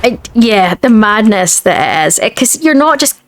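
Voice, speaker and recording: Scottish woman, streamer, casual rambling talk, middle pitch, faint noise behind. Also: sing-song, normal speed. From Scotland. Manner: chatty, rambling, frequent restarts. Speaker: gaming streamer. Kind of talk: casual chat while gaming.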